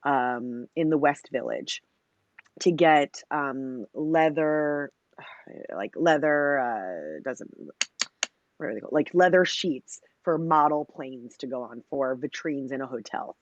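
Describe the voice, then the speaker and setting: Speaking slowly in a very deep voice over dull audio, a woman in her thirties shares how she founded her company during a casual interview. She's long-winded, leans on "you know" and "like," and dramatizes the words she quotes.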